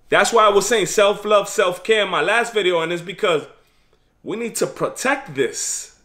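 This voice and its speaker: Man vlogger, preachy street-slang advice, voice pitched a bit high. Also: normal speed, sharp tone. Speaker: vlogger giving life advice. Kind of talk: casual motivational monologue.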